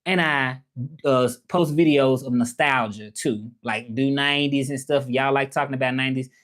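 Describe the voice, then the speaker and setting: A man with a Southern US accent, a livestreamer and language teacher, chats casually on a livestream, reading viewer comments and addressing the audience directly. His mid-range voice is fairly bright, at a moderate pace.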